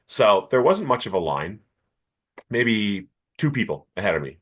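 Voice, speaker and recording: A man with a low voice co-hosts a casual comics podcast. He tells anecdotes in a relaxed, easygoing way. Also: unhurried. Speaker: podcast co-host. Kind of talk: casual chat, storytelling.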